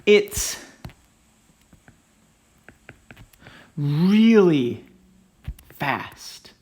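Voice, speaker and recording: A man's voice: fairly high pitch, sing-song, unhurried, pushed and bright, exaggerated voice. A man putting on an eager, pushy boy. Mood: eager pleading. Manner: overstated, punchy word stress. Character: eager boy begging his dad for a computer.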